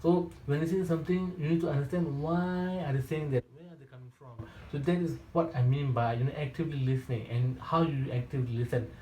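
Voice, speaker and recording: A man's voice: on the high side, fairly even intonation, fast talker, few pauses, darkish tone. A man coaching real estate agents in a question-and-answer session. He repeats points for emphasis, restarts his sentences and ends many lines with a questioning "right?". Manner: repetitive and emphatic, with frequent restarts. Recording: roomy echo.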